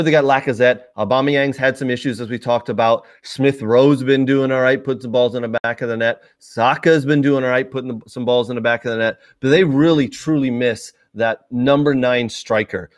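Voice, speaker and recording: Man, soccer show host, chatty casual commentary, talks straight to viewers, mid-range voice. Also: medium pitch. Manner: chatty, addresses viewers directly, many fillers.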